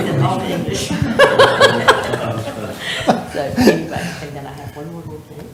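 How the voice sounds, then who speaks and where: A woman's voice: low-pitched, lively intonation, unhurried, reverberant, a crowd in the background. A woman, a state representative, presenting an award at a town council meeting, chatty and laughing between formal lines. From North Carolina.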